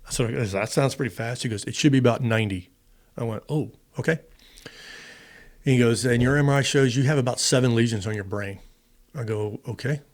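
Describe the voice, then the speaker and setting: Talking fast in a mid-range voice, the middle-aged American former fighter pilot shares a long personal story as a podcast guest. He keeps it casual and plays both parts of the dialogue.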